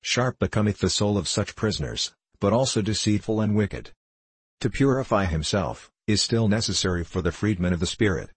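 A man reading the part of a calm, wise male prophet in a measured, unhurried way. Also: fairly low pitch, husky, dry recording. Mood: gentle counsel.

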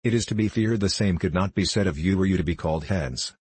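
A man's voice: low voice, quick pace, a little mellow, husky. A man reading as a grim solemn clergyman. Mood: solemn stern. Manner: solemn, questioning. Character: stern severe male clergyman, tall and grim.

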